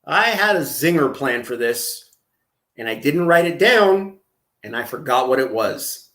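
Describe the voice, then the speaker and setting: A man's voice: mid-range voice, big pitch swings, a little slow, fairly bright tone. A man hosting a profane, comedic reaction video, crude and mocking, full of scattered asides. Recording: echoey room.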